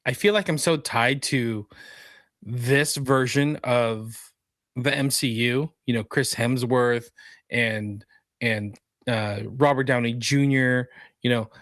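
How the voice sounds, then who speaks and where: A man's voice: mid-range voice, slow, a bit bright, dry recording, clean studio sound. A man co-hosting a podcast, easygoing and agreeable in casual chat. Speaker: podcast co-host.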